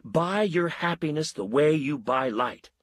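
A man's voice: animated, measured pace, no room sound, clean studio sound. A man doing a pushy, emphatic ad man. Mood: pitching. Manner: salesman's pitch, emphatic. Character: fierce bearded ad man, pushy and enthusiastic.

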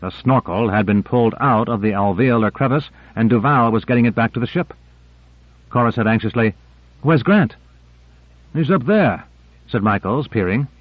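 A man reading an audiobook in a measured, even scripted narration, on a narrow-band tape recording. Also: lowish voice, no room sound.

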